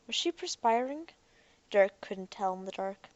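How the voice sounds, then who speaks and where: A woman reading an audiobook aloud in calm, measured narration. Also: mid-range voice, dry recording, highs cut off. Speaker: audiobook reader. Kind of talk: scripted narration.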